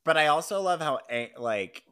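A man with a bright, sharp voice jumps into a casual podcast conversation with wry asides and jokes about a film's scenes. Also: fairly high pitch, lively intonation, moderate pace, clear, resonant tone. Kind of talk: casual movie-recap chat.

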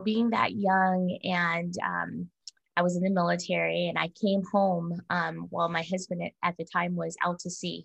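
A woman in her forties with a gravelly, fry-laced voice shares a personal memory candidly. Her telling is reflective and unguarded, as a co-host in casual conversation. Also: lowish voice, fairly bright tone, rough recording. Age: 40s. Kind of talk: personal storytelling in casual chat.

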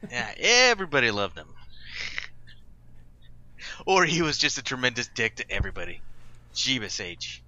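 A man's voice: medium pitch, very animated, normal speed, pauses often, pushed and bright, no echo, lo-fi sound. A man co-hosting a podcast, telling stories in a crude, exasperated way. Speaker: podcast co-host. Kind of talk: casual movie-review chat.

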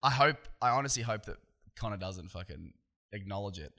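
A man's voice: lowish voice, animated, a little fast, sharp tone. An Australian man hosting a solo podcast, talking casually in a profane, opinionated, rambling way with frequent restarts. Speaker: podcast host.

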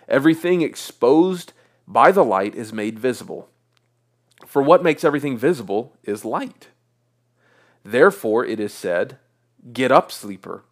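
A man preaching a sermon in an earnest way, asking rhetorical questions and lifting his voice to stress points. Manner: earnest preaching, rises in pitch and volume for emphasis. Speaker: pastor.

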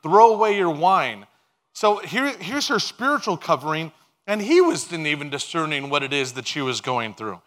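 Animated pastor preaching, fairly high voice. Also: male voice, normal speed. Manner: animated, emphatic preaching with laughs and voiced asides. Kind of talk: sermon.

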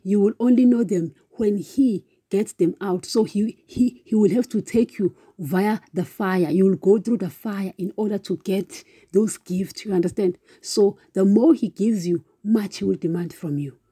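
A woman delivers an impassioned, informal devotional talk, circling back over her points and speaking straight to her listeners. Her voice is very dark and mellow with a husky edge, and the recording is close and dry. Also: mid-range voice, moderate pace, few pauses, dry recording. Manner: impassioned, repetitive, keeps calling listeners "guys". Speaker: podcast preacher.

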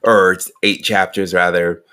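A man's voice: deep voice, flat delivery, a little slow, bright, forceful tone, clear, resonant tone. A man hosting a casual podcast chat, rambling and repeating words as he thinks. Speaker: podcast host.

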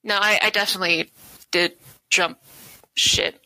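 A woman co-hosting a podcast with a bright, sharp voice, chatting casually and cursing freely. She tells stories by acting out what people said, raising her voice for the quotes. The sound is dry and close, with no room echo. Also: mid-range voice, fairly even intonation, a little slow. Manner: swears freely, acts out quotes loudly when telling stories. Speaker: podcast co-host.

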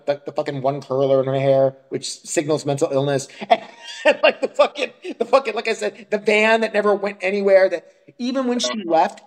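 A man co-hosting a podcast, ranting crudely and profanely in casual chat, often breaking into laughter. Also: fairly high pitch. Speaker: podcast co-host.

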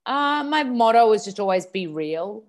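An Australian woman in her thirties, a guest in a casual interview, talking in a chatty, animated way with lots of fillers. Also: medium pitch, moderate pace. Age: 30s. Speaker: guest, TV presenter and yoga teacher.

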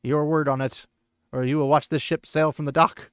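A man's voice: a little high, level tone, normal speed, smooth, dry recording, studio quality, lightly acted. A man voicing a stern, proud young woman who gives curt commands.

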